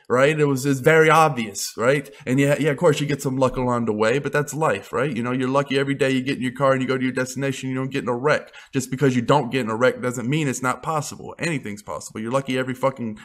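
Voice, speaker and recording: A man's voice: mid-range voice, steady tone, quick pace, few pauses, fairly bright tone. A young man giving an unscripted motivational rant as a vlogger, blunt and full of swearing. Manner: blunt, profane, emphatic.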